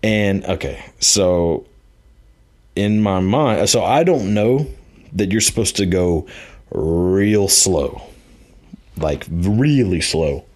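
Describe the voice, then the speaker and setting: A man's voice: low-pitched, expressive, takes it slowly, pauses often, a little mellow. A man telling a personal anecdote in a rambling, casual way, full of fillers and laughing at himself. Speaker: storyteller.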